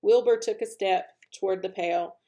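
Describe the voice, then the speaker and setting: A woman reading a children's novel aloud, with expressive, animated narration as the channel's regular reader. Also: medium pitch, normal speed. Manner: expressive, animated narration, speeds up at lively moments. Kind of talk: storybook read-aloud.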